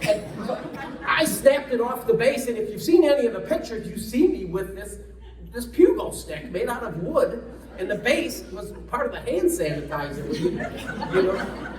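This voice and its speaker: A man's voice: sits high, very animated, normal speed, echoey room, far from the mic, a faint crowd, rough recording. A man giving a storytelling speech at a luncheon, acting out the people he quotes, with frequent restarts. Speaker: congressman giving a guest talk. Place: luncheon event room, indoors.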